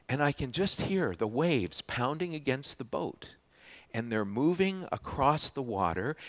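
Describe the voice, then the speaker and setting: Male pastor, sermon; animated storyteller, bouncing melody, stops and restarts mid-phrase. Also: on the high side. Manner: animated storytelling, frequent restarts, swings from loud to hushed.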